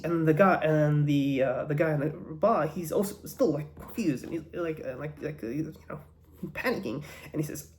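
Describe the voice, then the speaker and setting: A man's voice: on the high side, fairly quick, darkish tone. A man telling a joke in a casual, rambling way, with many restarts and fillers.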